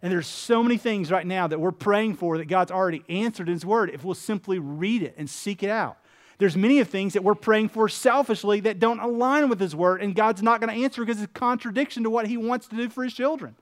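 A man's voice: high voice, brisk. A man preaching a sermon as pastor, earnest and emphatic, telling stories with voiced characters.

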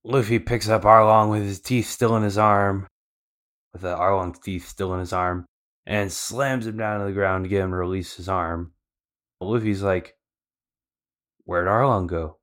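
A man's voice: deep voice, a bit bright, clean tone. A man co-hosting a podcast, recapping the story in a casual, slangy way with loose fillers. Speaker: podcast co-host.

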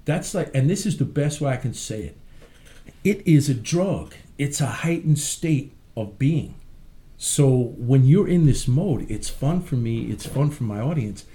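A man being interviewed as a guest, animated and swaggering, who curses freely as he tells his stories. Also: medium pitch, unhurried. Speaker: guest, country rapper. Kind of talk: casual interview storytelling.

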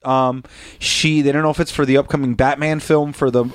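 A man's voice: mid-range voice, level tone, a little fast, smooth. A man co-hosting a casual chat show, rambling through stories with frequent laughs and restarts. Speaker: podcast co-host.

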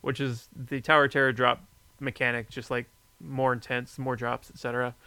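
A man chatting casually, telling a story with lively energy and plenty of swearing. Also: mid-range voice, brisk, smooth, dry recording. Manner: animated storyteller, swears freely. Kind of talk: casual chat.

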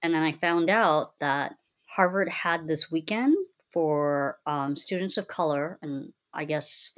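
Candid, rambling young woman, lowish voice. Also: takes it slowly, fairly bright tone. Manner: candid and rambling, many fillers, often quoting herself. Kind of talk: casual personal storytelling.

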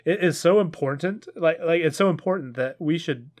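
A man's voice: a little high, normal speed. A man in his early thirties co-hosting a casual podcast, rambling and correcting himself, with frequent laughs. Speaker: podcast co-host.

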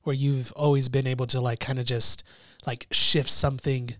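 A man's voice: mid-range voice, level tone, a bit bright, no echo, clean studio sound. A young man chatting casually and enthusiastically on a podcast, with lots of "like", restarts and laughter. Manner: enthusiastic, filler-heavy, quick to laugh.

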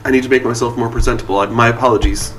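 A man's voice: mid-range voice, steady tone, racing, a bit bright, distant mic, faint music behind, natural voice. A man voicing a dignified young woman adventurer who speaks formally and reproves others dryly. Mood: reserved.

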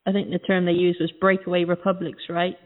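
A woman's voice: on the low side, level tone, quick pace. A woman co-hosting a radio talk show, chatting casually, feeding prompts and playful teasing remarks to her partner. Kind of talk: casual chat. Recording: phone-like streaming audio.

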